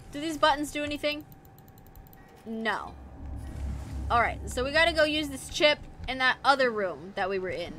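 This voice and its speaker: Young woman, high voice, very bright tone, profane let's-play chatter, jumpy yelps. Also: a little hiss or hum. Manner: jumpy and profane, mutters low then yelps in fright. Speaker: streamer. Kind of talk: casual let's-play commentary.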